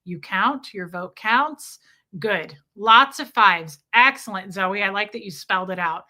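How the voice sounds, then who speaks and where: A woman's voice: mid-range voice, a little slow, bright, forceful tone. A woman hosting a livestream, chatting casually and reading viewer comments, with brash, crude joking. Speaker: livestream host.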